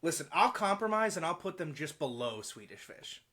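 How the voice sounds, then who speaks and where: A man's voice: fairly high pitch, big pitch swings, normal speed, fairly bright tone. A man hosting a podcast, talking in a joking, opinionated way in casual chat. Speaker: podcast host.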